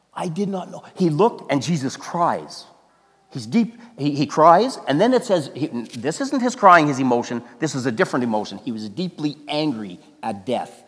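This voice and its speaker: A man preaching a sermon as a pastor, animated and emphatic, stumbling into restarts and breaking into sudden loud exclamations. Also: medium pitch. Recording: long reverb of a large hall.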